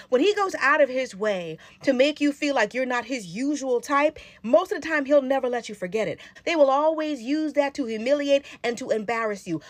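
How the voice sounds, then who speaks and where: A woman's voice: on the high side, no room sound. A woman giving blunt, preachy commentary with warnings aimed at women. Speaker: commentary host. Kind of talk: reaction commentary.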